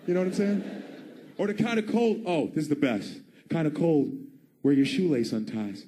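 High-voiced animated stand-up comedian man. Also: moderate pace, slight background noise. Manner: animated, acts out characters in exaggerated voices.

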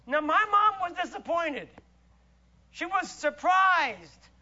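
A man preaching with a very high, bright, forceful voice. He delivers his sermon with emphatic swings from loud exclamations to hushed asides. The recording sounds dull and lo-fi.

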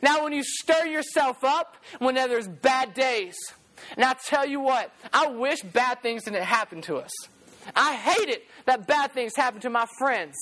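A preacher with a high voice tells a story in a sermon. The delivery is animated, and key phrases are repeated for emphasis. Lines of song slip into the telling. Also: a little slow.

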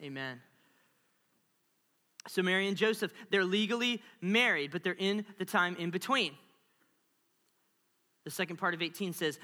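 A male pastor preaching a sermon with animated storytelling and playful asides. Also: high voice, fairly quick. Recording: long reverb of a large hall.

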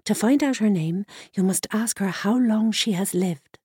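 Woman reading wise druid in bird form, calm, steady instructions, dry close sound. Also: medium pitch, moderate pace, slightly rough, dry recording. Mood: instructive.

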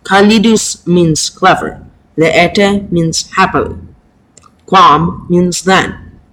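A man teaching a Latin lesson, speaking haltingly with many pauses and fillers. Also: high-pitched, sharp tone, low-quality recording. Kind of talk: slow home-made lesson.

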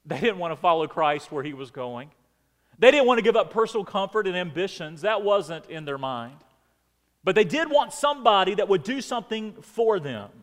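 A man preaching a sermon as pastor, swinging between emphatic outbursts and quiet, dropped phrases. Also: high voice, lively intonation, normal speed, in a large hall. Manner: preaching with rising emphatic outbursts and dramatic drops. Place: church sanctuary.

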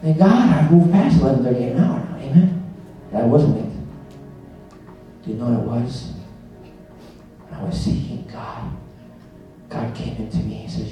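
A man preaching a sermon, acting out dialogues and swinging from hushed asides to shouts. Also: mid-range voice, normal speed, pauses often, very echoey, distant mic, highs cut off, soft background music. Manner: dramatic, acts out dialogues, swings from soft to shouting.

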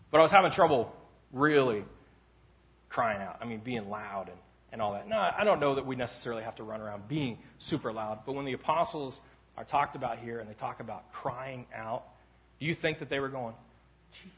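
A man pastor preaching a casual sermon in a church sanctuary, telling rambling self-deprecating stories that break into loud shouts. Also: mid-range voice, animated, moderate pace, long pauses. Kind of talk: conversational sermon.

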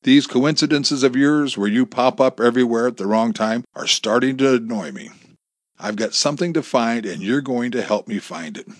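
A man's voice: medium pitch, moderate pace, dry recording, studio quality, voice pushed up, close to an everyday voice. A man voicing a cruel, bossy male gunman who barks orders. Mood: smug. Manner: barking, bullying orders. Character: menacing armed male thug, bossy, cruel.

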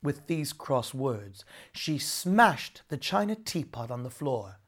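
Slow, lively storybook reader. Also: mid-range voice. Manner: expressive, unhurried story reading. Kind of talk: storybook read-aloud.

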